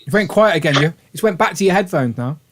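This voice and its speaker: A British man hosts a casual live stream, his voice sitting a little high. He rambles along with eager enthusiasm and reads out viewers' names as he goes. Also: lively intonation, quick pace, background noise. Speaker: livestream host.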